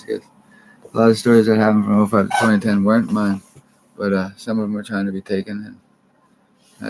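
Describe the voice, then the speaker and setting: Low flat-voiced rambling man. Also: background noise. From Canada. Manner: rambling, profane, jumps between topics. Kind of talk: rambling monologue to camera.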